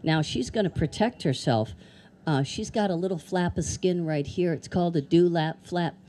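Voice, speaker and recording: A woman with a somewhat low, warm voice hosts an animal show for children outdoors. She talks in a chatty, playful way and keeps asking the kids questions. A faint background noise sits under her voice. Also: moderate pace. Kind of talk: live educational talk to kids. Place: outdoor amphitheater.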